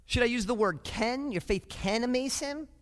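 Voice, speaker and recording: High-voiced pastor preaching in a reverberant hall. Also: male voice, moderate pace. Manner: lively, asks the congregation questions. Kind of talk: sermon.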